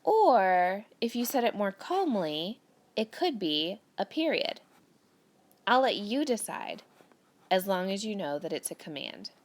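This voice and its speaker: With an unhurried, sing-song, medium-pitched voice, a woman teacher patiently helps young students through a grammar worksheet. She reads the sentences aloud and explains each step in a recorded grammar lesson for children.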